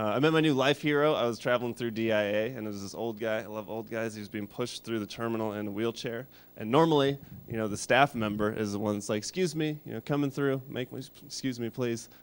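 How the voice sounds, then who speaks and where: A man in his thirties doing a stand-up comedy set, deadpan and rambling, shouting when he acts out characters. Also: mid-range voice, a little hiss or hum. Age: 30s.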